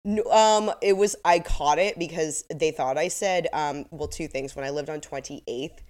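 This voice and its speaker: Reading quotes from her episode notes with a wry touch, a woman co-hosts a casual podcast recap. Her low-pitched voice has a darkish tone and a slight lisp, and she speaks at normal speed.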